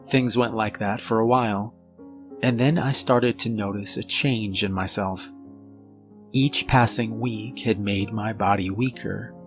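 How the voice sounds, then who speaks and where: A man giving a measured, scripted first-person narration of a horror story. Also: on the low side, steady tone. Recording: faint music bed under voice. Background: soft background music.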